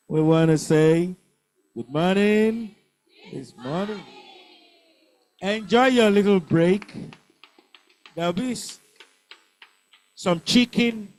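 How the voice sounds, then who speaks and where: Slow-speaking older Nigerian male teacher. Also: sits high, darkish tone. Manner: drills answers by call and repeat, stresses syllables slowly. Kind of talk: exam revision class.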